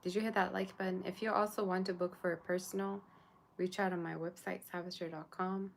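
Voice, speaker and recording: A woman's voice: on the low side, flat delivery, a little fast, gravelly. A woman doing a live tarot reading, chatting casually with her viewers. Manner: chatty, talks to viewers and chat. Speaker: tarot reader.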